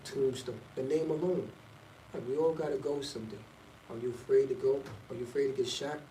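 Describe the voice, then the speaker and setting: A man's voice: mid-range voice, fairly even intonation, fairly quick, dark tone, slight background noise. Rambling middle-aged man, echoey and distant. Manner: loose and rambling, slangy, jumps between topics. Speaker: vlogger. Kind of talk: casual storytelling monologue. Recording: echoey, from a distance off the mic, faint ambience.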